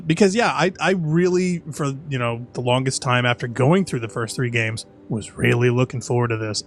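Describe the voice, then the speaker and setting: A man's voice: medium pitch, slight background noise. A man co-hosting a game playthrough podcast, chatting casually and rambling with repeated words and frequent laughs. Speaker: let's play podcast co-host. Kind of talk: casual gaming commentary chat.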